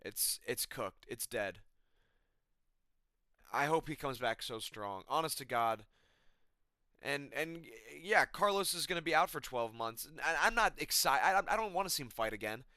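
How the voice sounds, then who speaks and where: A man's voice: mid-range voice, lively intonation, normal speed, pushed and bright, no room sound, clean studio sound. A young man on his own channel, ranting about a fight in an exasperated, swearing way and repeating himself. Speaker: MMA commentator. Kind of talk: emotional rant. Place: his apartment.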